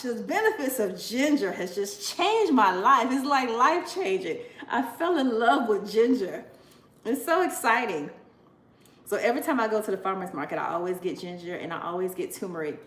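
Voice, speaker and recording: A woman's voice: on the high side, sing-song, a little slow, fairly bright tone. A woman in her forties talking casually to camera, effusive and chatty, often exclaiming with emotion. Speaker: vlogger. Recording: echoey room with faint ambience.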